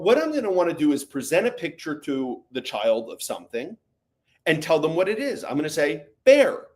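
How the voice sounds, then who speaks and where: Male Q&A host, lively pitch, casual explainer with fillers. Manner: conversational, with frequent fillers and "right?" tags. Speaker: host answering parent questions.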